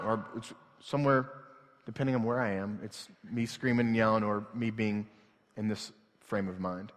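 A pastor preaching an earnest, emotional sermon that moves between hushed and loud passages. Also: male voice, fairly low pitch, fairly even intonation, normal speed. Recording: long reverb from a large hall.

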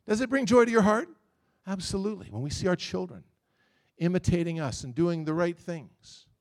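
A middle-aged man preaching a sermon, telling a story in a lively way and voicing the people in it. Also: sits high, moderate pace. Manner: storytelling, animated, quotes others.

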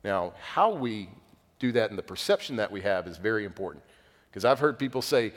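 Delivering a sermon, a young pastor with a fairly low voice talks fairly quickly, his words echoing at length around a hall. His storytelling is conversational and animated: he grows loud with excitement, then falls to a hushed, solemn emphasis.

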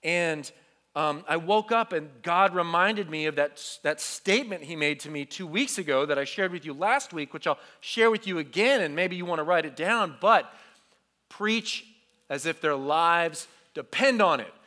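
A young man youth pastor delivers a sermon to junior high students, acting out his story with animated energy. His voice sits high and bright. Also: moderate pace. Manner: animated storytelling, acts out quotes.

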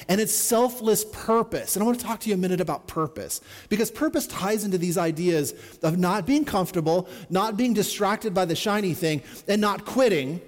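A man's voice: high voice, long reverb tail. Middle-aged male pastor preaching earnestly. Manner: earnest, conversational preaching with repeated refrains. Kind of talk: sermon.

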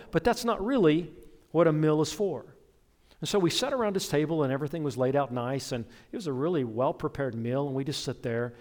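A middle-aged man preaching a sermon as pastor, telling stories and making asides to his congregation. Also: on the high side. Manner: conversational storytelling with asides to the congregation.

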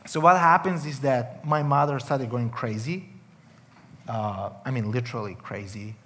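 A man's voice: mid-range voice, moderate pace, fairly bright tone. Emotional man telling his story. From Serbia. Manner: emotional storytelling with many restarts. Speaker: guest sharing testimony. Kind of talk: personal testimony.

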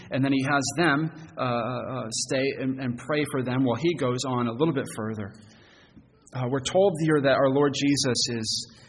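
A man preaching a sermon as pastor, earnest and halting, often repeating words as he goes. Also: medium pitch. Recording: long church reverb, faint noise.

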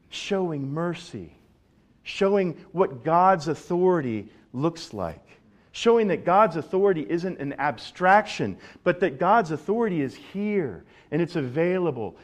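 Conversational male pastor preaching. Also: fairly high pitch. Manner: conversational, animated preaching with repeated words. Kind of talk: sermon.

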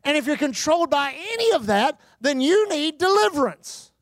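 A man's voice: extremely high pitch, very animated, moderate pace, no room sound. A male pastor preaching a sermon with call-and-response and humor.

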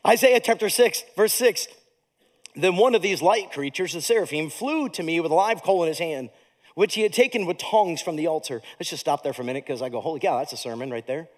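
A man preaching a sermon as pastor, passionate, moving between hushed reflection and excited exclaiming. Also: high-pitched, a little fast. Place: church stage.

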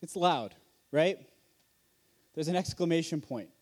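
High-voiced man preaching earnestly. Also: a little slow. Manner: earnest, conversational preaching with rhetorical questions. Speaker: conference speaker. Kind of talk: sermon. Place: conference hall.

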